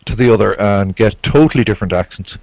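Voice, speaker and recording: A man in casual chat, animated and teasing. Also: on the low side, fast talker, gravelly, no echo. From Ireland.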